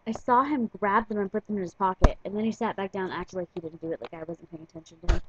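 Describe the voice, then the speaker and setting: A woman vlogger chats to her camera about her day, rambling and peppering her talk with "like". Her voice sits at an ordinary middle pitch for a woman. The recording sounds a little dull and muffled, like home video audio. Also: fast talker, noisy background. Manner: chatty, filler-heavy retelling with frequent "like". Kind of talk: casual storytelling to camera.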